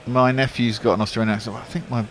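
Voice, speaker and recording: A man co-commentating on cricket, expressive and blunt, swearing freely in casual chat. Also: medium pitch, quick pace, a little hiss or hum.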